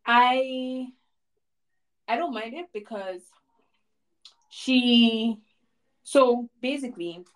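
A woman co-hosting a casual podcast talks emphatically about a film, repeating points for effect as they chat about the movie. Her voice is fairly high-pitched, she draws out her words, and she leaves long pauses.

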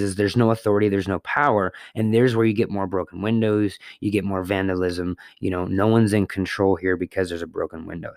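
A man's voice: low voice, darkish tone, dry recording, clean studio sound. A man hosting a solo podcast from his apartment, talking in a loose, rambling way with fillers and the odd swear word. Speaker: podcast host. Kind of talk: casual solo podcast monologue.

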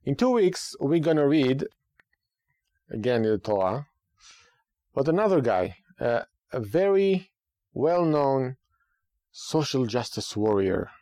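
Animated male rabbi host, warm mellow tone. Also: medium pitch, slow pace, long pauses, dry recording, clean studio sound. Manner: animated, rhetorical, repeats phrases for emphasis. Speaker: rabbi and radio podcast host. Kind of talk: radio talk show commentary.

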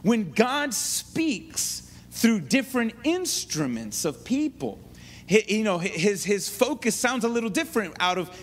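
A man's voice: sits high, sing-song, measured pace. A man preaching a sermon in a conversational teaching style, full of asides and restarts. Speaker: pastor.

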